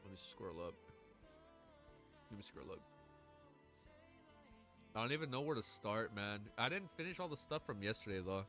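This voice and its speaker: A man livestreaming, reading a novel aloud and reacting. He is excitable, emotional and swears constantly, with a stuffy nose. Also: fairly low pitch, normal speed, long pauses, over music.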